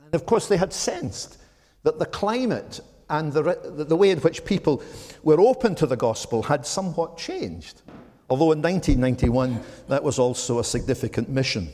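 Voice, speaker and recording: A Scottish man in his seventies giving a measured, reflective talk to a church audience, with frequent ums. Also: on the high side, lively intonation, warm tone. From Scotland. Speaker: speaker at a church gathering. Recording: long hall reverb.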